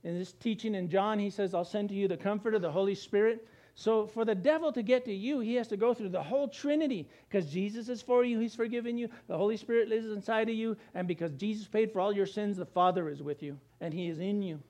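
A man's voice: high voice, fast talker, few pauses, dark tone. A man preaching a conversational sermon, breaking into acted-out voices and chuckles. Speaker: pastor.

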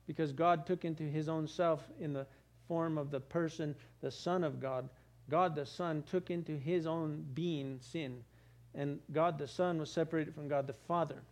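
A man delivers a sermon from the pulpit. His voice sits a little high for a man, and he drives his points home with rhythmic repetition and rising emphasis. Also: fairly even intonation, moderate pace, darkish tone. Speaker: pastor.

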